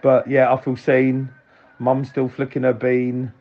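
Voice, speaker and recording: A man's voice: mid-range voice, completely flat delivery, measured pace, narrow, tinny audio. Laughing, swearing man telling a story. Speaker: caller. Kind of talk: casual phone-in story.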